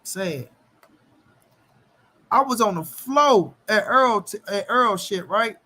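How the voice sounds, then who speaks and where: A man with a notably high voice vents about boxing to his camera in a loose, profane rant. He taunts and jeers over and over, jumping between loud outbursts and low mutters. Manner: taunting, mocking, repetitive jeers; animated, shifting quickly between loud and muttered. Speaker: boxing commentary channel host.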